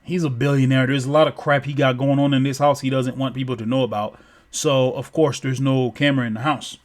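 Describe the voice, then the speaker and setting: A man's voice: medium pitch, level tone, fairly quick, pitched below the performer's own voice, lightly acted. A man voicing a reassuring, matter-of-fact middle-aged mother, in a told story.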